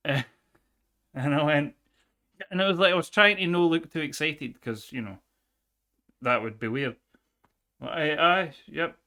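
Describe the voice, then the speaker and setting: A man's voice: a little high, moderate pace, pauses often, pushed and bright. A Scottish man telling rambling stories in casual stream chat. He swears a lot and tinkers with something as he talks. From Scotland. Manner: sweary, chatty, tells stories while tinkering. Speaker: livestreamer.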